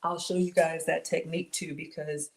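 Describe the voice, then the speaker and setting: In her kitchen, a woman with a deep voice and little pitch movement runs a home cooking livestream at a moderate pace, captured on camera. Chatting casually, she reads viewer comments, thanks people by name, and says "y'all" a lot.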